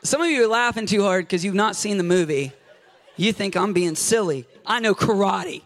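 A man preaching an animated, jokey sermon to a congregation, acting out scenes with a volunteer from the audience. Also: high-pitched, normal speed, a faint crowd. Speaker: pastor. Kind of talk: lively sermon with audience interaction. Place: church sanctuary before a congregation.

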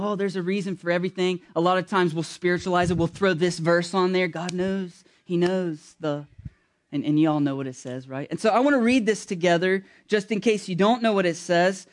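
A man with a notably high voice preaching a sermon. He keeps it casual and jokey, asks the congregation questions, and slows right down to hammer home key phrases. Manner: casual, joking, addresses congregation directly; slow, emphatic when stressing key words. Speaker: pastor.

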